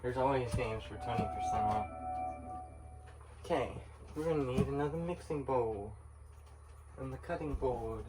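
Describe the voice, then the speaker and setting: A man's voice: medium pitch, normal speed, long pauses, music in the background. A man hosting his own cooking vlog from a home kitchen, casual and matter-of-fact with dry little jokes. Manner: relaxed, matter-of-fact, dryly joking. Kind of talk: casual chat while cooking. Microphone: fixed camera on the counter. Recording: noisy kitchen recording.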